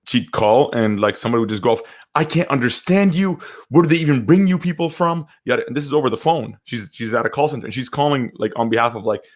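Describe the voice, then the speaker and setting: Candid, rambling man, lowish voice. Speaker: podcast co-host. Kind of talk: casual podcast chat.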